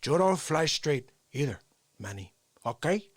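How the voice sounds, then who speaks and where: A man's voice: a little high, very animated, unhurried, no echo, studio quality. A man doing an impression of a tough male gangster from a film, swaggering and menacing.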